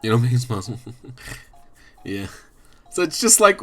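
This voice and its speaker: A man's voice: medium pitch, sing-song, moderate pace, sharp tone, soft background music. A man streaming, chatting casually and ramblingly, swearing a lot and often laughing. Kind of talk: casual livestream chat.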